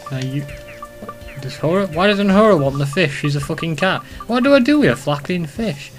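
A young man giving rambling, profane commentary while playing a video game, excitable and talking to himself. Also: a little high, brisk, over music. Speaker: let's play host. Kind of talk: casual gameplay commentary.

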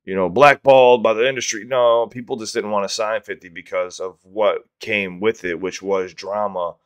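Male reaction host, lowish voice, casual and profane, quick to get worked up. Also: smooth. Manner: excitable, profane, breaks off to explain.

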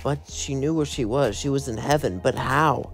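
A man's voice: mid-range voice, normal speed, faint music behind. Man casually narrating a fan story. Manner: rambling, repetitive "would say" phrasing.

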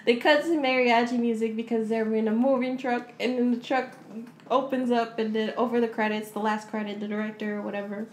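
A woman's voice: fairly high pitch, level tone, brisk, echoey room, a little hiss or hum. A woman co-hosting a casual podcast, animatedly recapping a movie, laughing often and acting out the characters. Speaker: podcast co-host.

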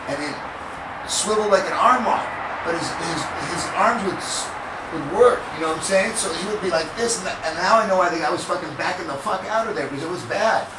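Profane, high-voiced man teaching in an echoey gym. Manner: loose and profane, acts out moves with sound effects. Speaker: jiu-jitsu instructor. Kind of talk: casual seminar teaching. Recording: echoey room from far off, with noise.

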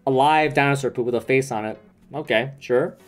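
A young man live-streaming a card pack opening, chatting excitedly with viewers and swearing casually. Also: medium pitch, faint music behind. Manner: excitable, swearing, quick asides to chat. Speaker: streamer opening trading cards.

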